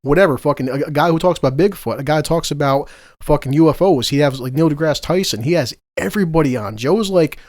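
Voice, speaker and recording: Male podcast host, fast and profane, fired-up chat delivery, dry recording. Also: a little high, a little mellow, no room sound. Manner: profane, heated ranting.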